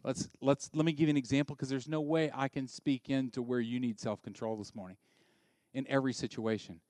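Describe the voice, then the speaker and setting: A middle-aged man preaching a sermon, swinging from soft asides to loud, emphatic peaks. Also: mid-range voice, fairly even intonation, fairly quick, dry recording. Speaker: pastor.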